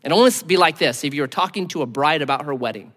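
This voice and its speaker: A man preaching a sermon as pastor, conversational and animated, often dropping to a hushed near-whisper. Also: a little high, quick pace, big-room sound.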